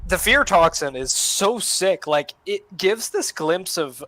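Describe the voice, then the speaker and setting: A young man in a casual film discussion who speaks excitably and swears freely. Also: high-pitched, slow pace, rough recording. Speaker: podcast guest or co-host.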